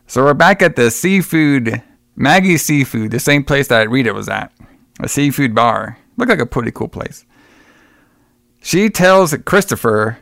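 A man's voice: mid-range voice, lively intonation, measured pace, vocal fry, fairly bright tone, dry recording, clean studio sound. A man casually recapping a movie on a podcast, rambling, swearing often, laughing and acting out the characters. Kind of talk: casual profane chat.

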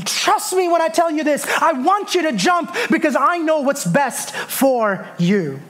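A man's voice: very high voice, lively intonation, unhurried, fairly bright tone, pitched above the performer's own voice, exaggerated voice. A pastor voicing an urgent, pleading father. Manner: pleading, reassuring. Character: loving father calling to his son through smoke.

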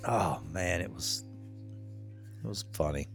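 A laid-back man with a lowish voice tells a rambling story to his co-host, chuckling as he goes. Faint guitar music sits under the conversation. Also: takes it slowly, gravelly. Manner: laid-back, laughs a lot, acts out quotes. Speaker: podcast co-host. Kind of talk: casual storytelling chat.

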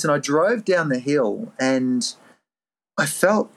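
A man's voice: slow pace, a little hiss or hum. Earnest Australian man telling his story. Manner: earnest, animated, jumps into a higher voice to act out his own past thoughts. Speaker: guest, life coach. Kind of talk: reflective podcast storytelling.

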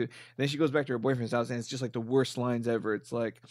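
A man's voice: mid-range voice, level tone, fast, hardly any pauses, dry recording. A man tells a movie plot with exasperation and a lot of swearing. His voice sits in a middle range and sounds close and dry. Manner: exasperated, profane storytelling. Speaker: podcast co-host. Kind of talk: casual movie-recap banter.

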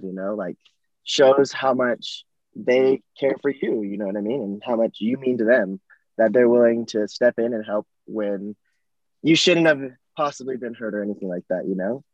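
A man's voice: medium pitch, moderate pace, darkish tone, no echo. Male host, mid-range voice, agreeable, dull dry recording. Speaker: podcast host. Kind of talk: casual interview chat. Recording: dry, muffled mic.

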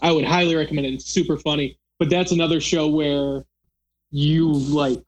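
A man hosting a casual podcast chats loosely, full of fillers and restarts. His voice is on the high side with a steady tone and moderate pace, and the recording quality is rough.

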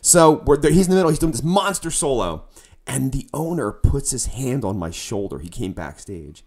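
A man, a musician, telling a tour story in casual chat, animated and bursting into loud quoted lines. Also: medium pitch, moderate pace.

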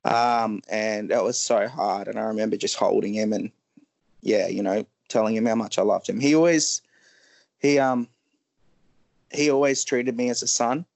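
Halting, soft-spoken man telling a sad story. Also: lowish voice, level tone, gravelly, no room sound. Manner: halting, frequent ums, pauses. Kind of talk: emotional personal storytelling.

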